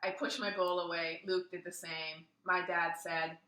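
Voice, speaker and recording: A woman reading a children's book aloud in an expressive way, with asides, heard roomy and from a distance. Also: lowish voice, unhurried. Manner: expressive, adds asides and laughs. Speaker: reader.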